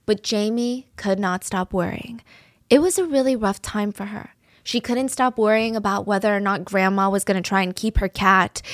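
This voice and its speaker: A woman's voice: medium pitch, fairly bright tone, no room sound, clean studio sound. A woman podcast host narrating a true-crime story in a casual, chatty way.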